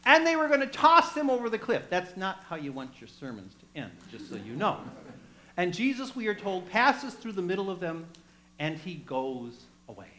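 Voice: medium pitch, big pitch swings, normal speed, sharp tone, poor audio. A preacher giving a sermon, retelling a story with chatty asides to the congregation and acting out the voices in it. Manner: acts out quoted voices.

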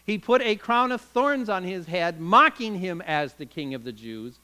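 Man, preacher, sermon, dramatic storytelling, emphatic, very lively pitch. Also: normal speed, clean tone, low-quality recording.

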